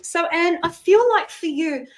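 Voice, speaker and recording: A woman's voice: extremely high pitch, measured pace, far from the mic, low-quality recording. A woman in her sixties hosting a live psychic reading show, chatty and thanking viewers by name as she explains old traditions.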